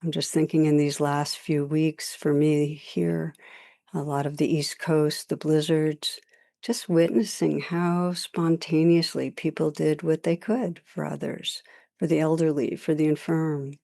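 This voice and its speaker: Brief: woman meditation teacher, low warm voice, unhurried and gentle. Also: level tone, creaky, no room sound, clean studio sound. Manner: slow, gentle, contemplative. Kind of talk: reflective spoken introduction.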